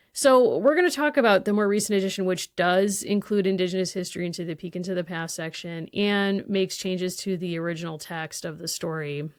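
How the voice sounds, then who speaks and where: A woman with a lowish, smooth and resonant voice talks through a story's plot on a podcast, casual and engaged. The sound is dry and close to the mic, with no room around it. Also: dry recording. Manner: recaps plot in detail, enthusiastic asides. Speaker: podcast co-host.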